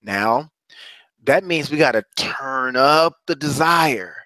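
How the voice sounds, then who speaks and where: A middle-aged motivational coach speaks to listeners on a broadcast in a mid-range, sharp-toned voice, slow and expressive. He preaches with mounting passion, repeating phrases like a mantra. The recording is dry.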